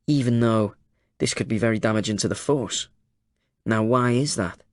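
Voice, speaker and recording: A man voicing a sharp, skeptical male journalist who probes in a sardonic way. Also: fairly low pitch, normal speed, no echo, studio quality, natural voice. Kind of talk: audiobook character voice.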